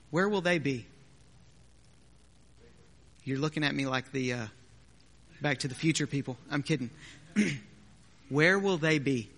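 A man's voice: mid-range voice, vocal fry, a bit bright. A man preaching a sermon as pastor, in a conversational way with joking asides. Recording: long hall reverb.

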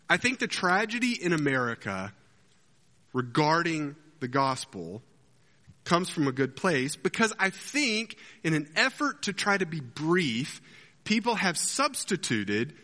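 A man preaching a sermon as pastor, an animated storyteller who acts out scenes as he talks. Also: fairly high pitch. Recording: long hall reverb.

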